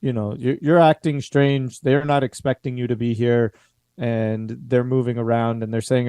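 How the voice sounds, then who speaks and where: A man runs a tabletop game, circling his thoughts with fillers and restarts. His voice is mellow and dark, recorded dry and close to the mic. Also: mid-range voice, level tone, normal speed, clean tone, dry recording. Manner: hesitant, full of filler words. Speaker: game master.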